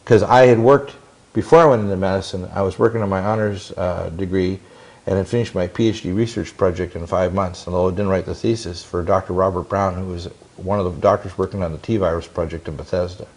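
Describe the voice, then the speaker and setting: A man's voice: deep voice, fairly even intonation, fast, darkish tone, slightly rough. Intense, rambling man in his 60s. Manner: intense, rambling, with many restarts and quoted dialogue. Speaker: interview guest. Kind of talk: long-winded interview storytelling.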